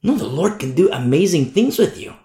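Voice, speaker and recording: Preacher guy, emphatic and worked up, gravelly voice, echoey room. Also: on the high side, sing-song, a little fast, mellow. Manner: emphatic, indignant, repeats "you see?". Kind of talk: sermon.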